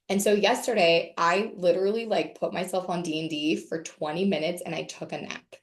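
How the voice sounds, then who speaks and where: A woman's voice: fairly low pitch, fairly even intonation, normal speed, few pauses, roomy sound. Chatty woman leading a video call. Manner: chatty, candid, swears casually. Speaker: wellness session leader. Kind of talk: casual group talk on a video call.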